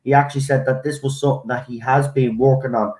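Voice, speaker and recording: A man's voice: mid-range voice, little pitch movement, quick pace, darkish tone. A man on a stream as a guest, giving blunt opinions in casual chat, often restarting. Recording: echoey room.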